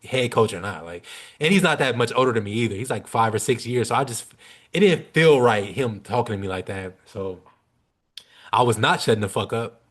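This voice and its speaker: A young man on a podcast, telling a story in casual, animated chat. He talks in loose slang and swears freely. His voice sits at an ordinary middle pitch for a man. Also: fairly quick. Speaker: podcast guest.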